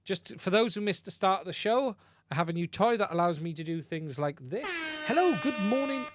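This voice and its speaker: A man hosts a casual livestream in a chatty, self-deprecating way, often repeating himself. His voice is high and brisk against a noisy background, picked up by a studio mic running through a podcast mixer.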